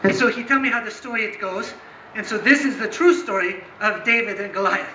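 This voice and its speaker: A man performing a comic story live, animated and joking with the audience between lines. His voice is very high and bright, and it echoes through the room. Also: fairly quick, slight background noise. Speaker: storyteller and juggler.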